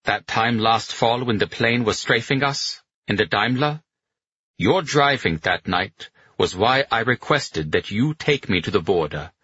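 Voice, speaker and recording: A man playing a smooth, flattering general. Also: medium pitch, unhurried, no echo, pitched above the performer's own voice, heavily acted. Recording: dull, slightly lo-fi.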